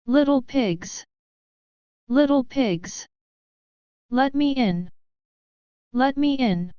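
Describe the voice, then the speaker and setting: A greedy big bad wolf bellowing at the door, as a woman puts him on in a storybook reading. The voice sits a little high and very clean, on a dry, dull-sounding recording. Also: animated, extremely slow, smooth, dry recording, full character voice. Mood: demanding. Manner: demanding shouts.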